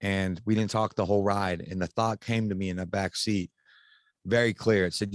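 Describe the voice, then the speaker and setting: Low-voiced man telling his story frankly. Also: fairly even intonation, moderate pace, dry recording. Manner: casual, frank, swears freely. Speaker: podcast guest. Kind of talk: candid personal storytelling.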